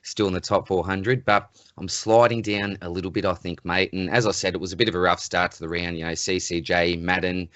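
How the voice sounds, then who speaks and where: A man's voice: deep voice, fairly even intonation, a little fast, hardly any pauses, fairly bright tone, dry recording. An Australian man co-hosting a podcast, talking in an easygoing way and chuckling often. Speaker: podcast co-host; school teacher. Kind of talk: casual chat. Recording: dry, muffled lo-fi audio.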